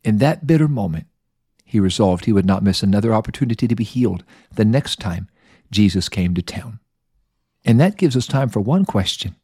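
A man's voice: on the low side, dark tone, husky, dry recording, studio quality. A man telling a Bible story as a lesson podcast host, with folksy, playful asides.

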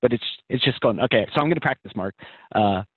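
A man's voice: medium pitch, expressive, fast talker, slightly rough, no room sound. A man hosting a casual interview on a call, joking and self-deprecating about talking about his feelings. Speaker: show host. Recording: dry, tinny phone-like call audio.

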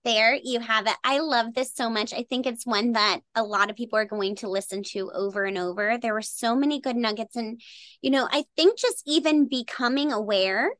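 A woman's voice: a little high, moderate pace, a bit bright, dry recording. A woman hosting a podcast interview, gushing with enthusiastic praise for her guest. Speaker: podcast host. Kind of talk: casual interview chat.

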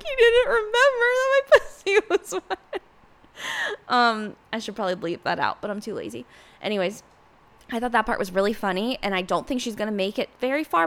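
A woman's voice: medium pitch, a bit bright. A young adult woman hosting a casual solo podcast, talking in a chatty way full of "like" fillers and acting out quotes. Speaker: podcast host.

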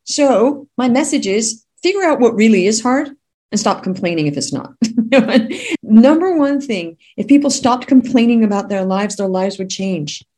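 A woman business coach, a podcast guest, telling her story in an emphatic, animated way. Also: a little high, normal speed. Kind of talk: podcast interview.

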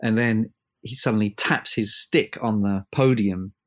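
A man chatting casually as a musician guest in an interview, starting and restarting sentences as he tells animated stories. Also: fairly low pitch. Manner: halting, many restarts, animated storyteller.

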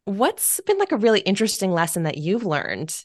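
A woman's voice: medium pitch, wildly swooping pitch, a little fast, no room sound, studio quality. A woman co-hosting a podcast, chatting casually and often saying "like". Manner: chatty, filler "like", openly warm toward guest. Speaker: podcast co-host, career coach.

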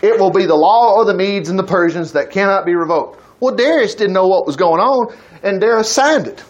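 A man preaching a sermon in a high, lifted voice. He talks in a folksy, animated way and breaks scripture into plain everyday speech. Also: brisk, lo-fi sound.

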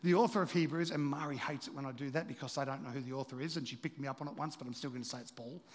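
A middle-aged man giving a sermon as pastor, animated and playful, with asides to the congregation. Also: mid-range voice, racing. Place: church hall. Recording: reverberant hall.

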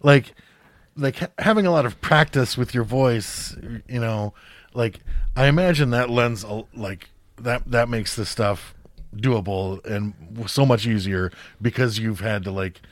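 A man's voice: medium pitch, measured pace, no room sound. A man chatting casually on a podcast, rambling with lots of fillers and restarts and casual swearing. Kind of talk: casual chat.

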